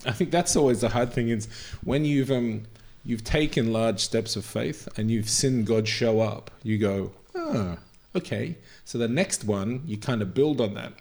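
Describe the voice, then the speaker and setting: Laughing, expressive man in conversation. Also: mid-range voice, moderate pace, vocal fry. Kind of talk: casual faith discussion.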